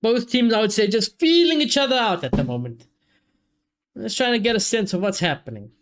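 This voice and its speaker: A man, casually commentating a football match for his live chat and reacting loudly to chances. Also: high-pitched, lively intonation, brisk. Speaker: streamer hosting a football watchalong.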